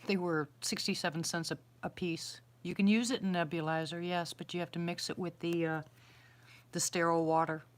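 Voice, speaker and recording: A woman's voice: fairly low pitch, fairly even intonation, brisk. A middle-aged woman in casual live-stream chat outdoors at night, rambling as she answers her viewers' questions. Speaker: livestream host answering viewers.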